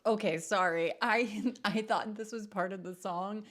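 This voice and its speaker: A woman with a voice of middle pitch talks to her viewers as the host of a musical theatre reaction video. She is bubbly and chatty, and she laughs easily as she shares her thoughts. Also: measured pace, noisy background. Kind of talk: casual reaction commentary.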